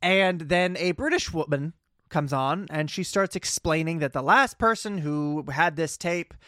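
A man's voice: fairly high pitch, a little slow, a bit bright, no echo, clean studio sound. A man co-hosting a podcast, recapping a TV episode in casual chat with wry jokes and casual swearing. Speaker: podcast co-host.

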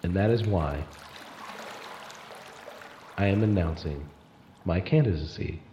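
A man's voice: low voice, roomy sound, lo-fi sound, noisy background. A man voicing a woman politician giving a grand, pompous campaign speech for a tabletop game. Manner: pompous, slow oratory.

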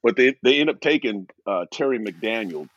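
Animated man telling a story, husky voice. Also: moderate pace, no echo, muffled recording. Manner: animated storyteller, acting out quoted exchanges in a higher voice. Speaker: guest, former pro football player. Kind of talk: storytelling in a podcast interview.

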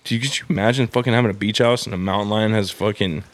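A man's voice: fairly low pitch, fairly even intonation, fast. A young man with a Southern Californian accent co-hosting a casual podcast, talking in loose slang full of swearing and "dude.". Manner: profane, laid-back slang, lots of "dude". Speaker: podcast co-host. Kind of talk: casual chat.

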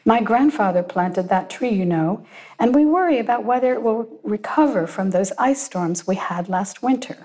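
A woman's voice: mid-range voice, expressive, moderate pace, close to an everyday voice. A woman voicing a cheerful, tiny old man in his seventies who chats in a light, delighted, lilting way. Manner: chatty, gently delighted, lilting.

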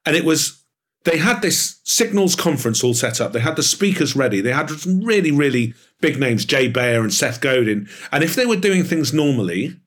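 A man being interviewed as an author, talking in an animated, enthusiastic way with plenty of fillers. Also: a little high, moderate pace. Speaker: author and guest. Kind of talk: podcast interview.

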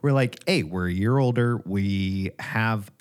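A man co-hosting a relaxed podcast in a lowish voice. He talks easily about everyday life and slips in dry, deadpan jokes. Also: measured pace. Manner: dry joking, deadpan one-liners. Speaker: podcast co-host. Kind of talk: casual chat.

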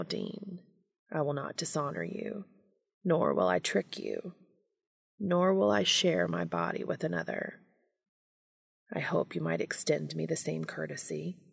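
A woman voicing a calm, formal male creature who speaks softly to his lover, often close to a whisper. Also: sits low, unhurried, creaky, breathy edge, no echo, exaggerated voice. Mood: hushed, tender. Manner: soft, formal, murmuring near a whisper.

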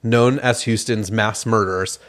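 A man with a slightly low voice tells a crime story to his co-host, half reading from notes. He trips over a name now and then and keeps it chatty. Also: fairly even intonation, unhurried, a bit bright. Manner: reads case notes with stumbles over names. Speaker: podcast co-host. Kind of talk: casual chat and read-out case story.

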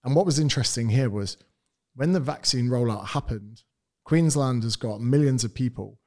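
A man's voice: medium pitch, normal speed, a little mellow. Blunt English man, podcast guest. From England. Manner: blunt, opinionated. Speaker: personal trainer, podcast guest. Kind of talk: casual interview chat.

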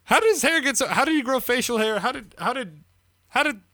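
A young man hosting a casual podcast, jokey and loose with swearing. His voice is high and bright, bouncing all over the place, and it is recorded dry and close. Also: brisk, no room sound. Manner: jokey, animated, swears freely. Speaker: podcast host.

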